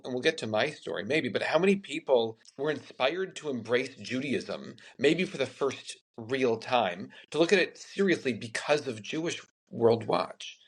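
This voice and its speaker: A man hosting an interview, telling a personal story in a candid, animated way. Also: mid-range voice, slightly rough. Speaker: podcast host. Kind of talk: casual interview conversation.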